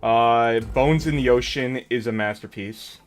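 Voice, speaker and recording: Man, playful teasing guest, casual chat, mid pitch, faint music behind. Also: unhurried.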